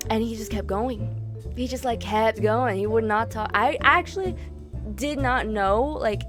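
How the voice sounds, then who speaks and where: A woman's voice: fairly high pitch, a little slow, over music. Chatty young woman telling stories. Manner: chatty, animated, lots of "like" and "dude", laughs often. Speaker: artist vlogger. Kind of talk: casual storytime vlog.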